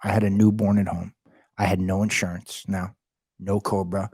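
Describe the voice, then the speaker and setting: A man telling a story as a podcast guest, loud, slangy and full of swearing. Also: low voice, level tone, moderate pace, husky, no room sound, clean studio sound. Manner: loud, heavily profane, fired-up storytelling; slangy, calls listeners bro and dude. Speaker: podcast guest, realty company head. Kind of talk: casual storytelling chat.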